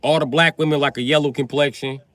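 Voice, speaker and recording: A man's voice: fairly high pitch, fairly even intonation, quick pace, noisy background. A man hosting a livestream, ranting crudely and teasing his chat as he riffs off their comments. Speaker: livestream host. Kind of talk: profane comedic rant to chat.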